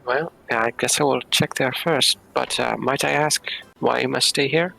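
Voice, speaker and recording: A man's voice: mid-range voice, fairly even intonation, normal speed, gravelly, bright, forceful tone, poor audio. A man playing a polite, earnest cleric character in a tabletop game. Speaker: player.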